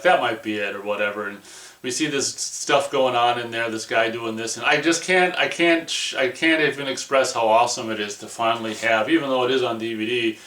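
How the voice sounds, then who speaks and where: A man reviewing a movie in a casual, rambling way, excitable and full of "like" and "you know". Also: mid-range voice, echoey room.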